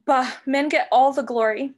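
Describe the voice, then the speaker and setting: A woman's voice: high-pitched, steady tone, normal speed. Vain cooing sorceress Circe, as a woman reads her. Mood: grand, scheming. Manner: honeyed, cooing, theatrical. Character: scheming sorceress woman, sweetly menacing, vain. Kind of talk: reading aloud a storybook.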